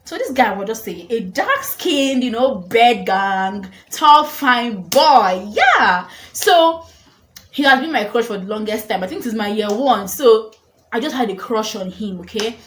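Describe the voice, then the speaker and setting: A young woman telling a storytime vlog, animated and dramatic, laughing often. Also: fairly high pitch, unhurried. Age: young adult. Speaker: vlogger. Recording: echoey room with faint noise.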